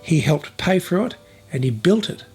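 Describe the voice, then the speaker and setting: A man voicing Jesus as a calm, kind teacher who proclaims gently in a spoken bible story. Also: a little high, normal speed, husky, soft background music, exaggerated voice. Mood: warm.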